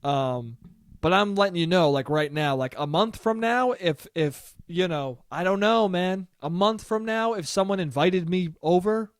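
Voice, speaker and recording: A man's voice: high voice, a little slow, no echo, studio quality. A young man hosting a solo podcast, rambling in a casual, profane way and laughing often. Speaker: podcast host.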